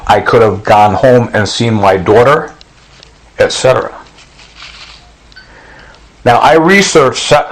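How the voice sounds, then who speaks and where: A man's voice: medium pitch, low-quality recording. A middle-aged man in an agitated, rambling monologue, acting out other people's words as he goes. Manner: intense, rambling, acts out other people's quotes. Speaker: vlogger.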